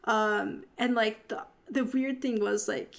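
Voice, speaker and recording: A woman's voice: on the high side, steady tone, takes it slowly, creaky. A woman co-hosting a podcast in casual chat, rambling with fillers and giggling often. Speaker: podcast co-host.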